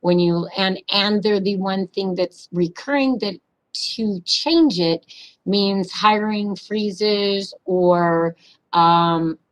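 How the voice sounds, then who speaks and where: A woman walks commissioners through budget slides at a public session. She talks fast and businesslike, dropping in many ums and uhs as she goes. Her voice sits at a middle pitch. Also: rough recording. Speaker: county finance official presenting a budget.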